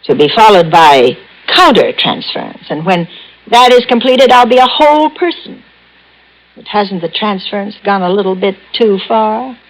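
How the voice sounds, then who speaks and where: A woman's voice: mid-range voice, lively intonation, normal speed, natural voice. An actress in a 1950s radio drama playing a troubled woman patient who is bitterly in love with her psychiatrist. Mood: mocking. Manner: bitter, mocking, then pleading and sobbing. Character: unstable, lovesick woman patient in therapy. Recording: muffled old radio broadcast.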